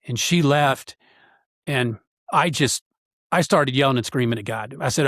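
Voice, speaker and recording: A man, a podcast guest, telling a personal story in an earnest, halting way with frequent pauses. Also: mid-range voice, fairly bright tone, no echo, clean studio sound.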